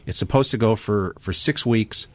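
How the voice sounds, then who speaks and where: Male talk radio host, low voice, dry studio sound, loose chatty delivery. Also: moderate pace, no echo. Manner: conversational, hesitant restarts. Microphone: studio microphone.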